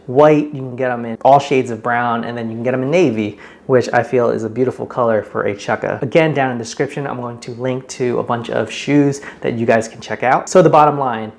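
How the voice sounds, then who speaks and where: A man's voice: mid-range voice, a little mellow. A man hosting a men's style vlog, explaining in a chatty, informal way as he shows items to the camera. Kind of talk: casual presenting to camera.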